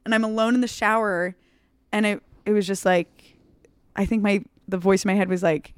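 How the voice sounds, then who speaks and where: A woman's voice: medium pitch, normal speed, a little hiss or hum. A young woman, a comedian, telling a story in casual talk and acting out the voices in it. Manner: animated, acts out voices in her story. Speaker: comedian guest.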